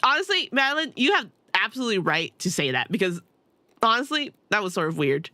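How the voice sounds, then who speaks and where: A woman's voice: mid-range voice, big pitch swings, a little fast, pushed and bright. A young woman streamer giving casual let's-play commentary, blunt and rambling, swearing and laughing often.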